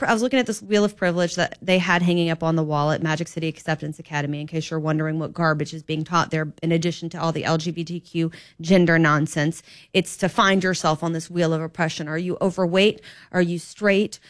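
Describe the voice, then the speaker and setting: A woman hosting an opinion talk radio show as a fill-in, talking in an animated, opinionated and rambling way into a studio microphone. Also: on the low side, no echo.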